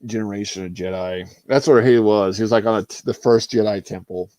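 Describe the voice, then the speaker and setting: A man chatting casually on a livestream, animated and swearing, acting out film scenes with laughter. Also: lowish voice, brisk, no echo. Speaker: streamer.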